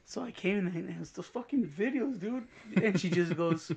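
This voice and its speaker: Chill podcast dude, high voice with lots of fry, swears constantly. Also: male voice, normal speed, darkish tone. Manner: laid-back, swears often, says dude a lot. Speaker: podcast co-host. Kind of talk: casual chat.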